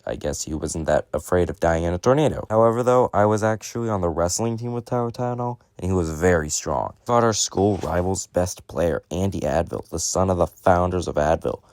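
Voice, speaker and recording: A man telling a rambling, deadpan mock stand-up story to a pretend audience. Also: low-pitched, dry recording, studio quality.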